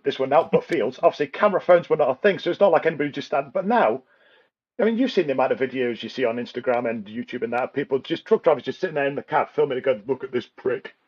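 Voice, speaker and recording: Laughing trucker spinning yarns. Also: male voice, fairly high pitch, highs cut off. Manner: animated storyteller, laughs often, acts out other drivers. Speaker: podcast host. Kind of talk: casual chat.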